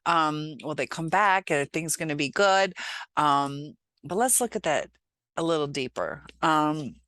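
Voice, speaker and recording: A woman vlogger talking to camera in a reflective, halting way, pausing often as she gives relationship advice. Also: sits low, lively intonation, fairly bright tone, no room sound. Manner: reflective, halting, many pauses and filler sounds. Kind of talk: casual advice talk to camera.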